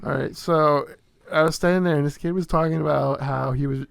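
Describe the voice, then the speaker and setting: Young male podcast host, slightly high gravelly voice, dry mic, animated storyteller. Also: fairly quick, no echo. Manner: animated, swearing, acts out quotes in storytelling. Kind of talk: casual storytelling chat.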